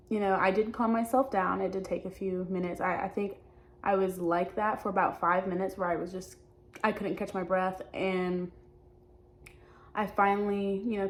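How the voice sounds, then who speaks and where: A young adult woman talking openly in a personal vlog, halting and hesitant, often restarting her sentences. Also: mid-range voice. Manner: earnest and open. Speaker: vlogger.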